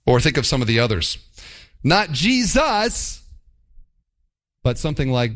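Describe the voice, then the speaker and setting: A man delivers a sermon with an emphatic, animated delivery. His voice sits a little high for a man and swoops widely as he acts out short mock quotes. He preaches to his congregation. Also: normal speed. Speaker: pastor.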